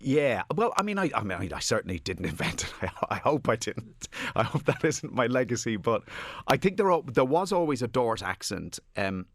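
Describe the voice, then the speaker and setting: A man's voice: mid-range voice, very animated, a little fast, few pauses, fairly bright tone, no echo. An Irish man talking as an author guest in a radio studio interview, rambling and self-deprecating with many restarts. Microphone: studio microphone.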